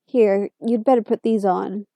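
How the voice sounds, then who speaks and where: A woman's voice: medium pitch, steady tone, a little slow, creaky, mellow, no room sound. A woman doing a blunt male lab worker.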